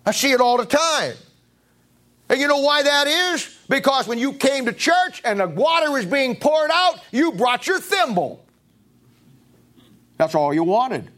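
A man's voice: very high-pitched, sing-song, unhurried, fairly bright tone. A man preaching a sermon as pastor, emphatic, repeating lines and asking rhetorical questions, with frequent stumbles and restarts.

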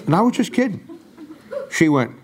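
An older man, a pastor, preaching a sermon in a folksy storytelling way and going soft and quiet when he quotes himself. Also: on the high side, big pitch swings, normal speed, crowd noise.

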